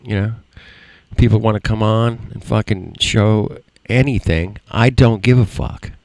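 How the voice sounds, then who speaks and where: Low gravelly dude ranting on his stream, cussing nonstop, dry close sound. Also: steady tone, unhurried, a little mellow, no room sound. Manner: profane, rambling, bitter. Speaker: livestream host. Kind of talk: frustrated rant.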